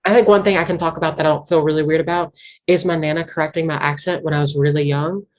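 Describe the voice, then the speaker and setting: Low-voiced Appalachian woman rambling earnestly. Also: steady tone, quick pace, darkish tone. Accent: Southwest Virginia Appalachian. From Southwest Virginia. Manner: rambling, earnest, heavy use of "like" fillers. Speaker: interview guest, banjo musician. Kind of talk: casual conversational interview.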